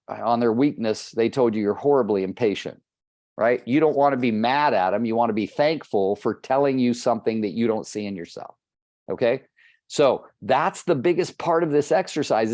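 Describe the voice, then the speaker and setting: A man's voice: medium pitch, a little mellow, dry recording, clean studio sound. A man coaching real estate agents on a live call, talking plainly and addressing listeners by name.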